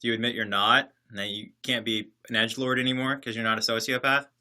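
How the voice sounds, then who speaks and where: Sarcastic man with a sharp, bright voice. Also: mid-range voice, little pitch movement, fast talker. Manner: sarcastic, joking, rambling. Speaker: livestream host reading chat. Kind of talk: casual livestream chat. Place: separate building, alone.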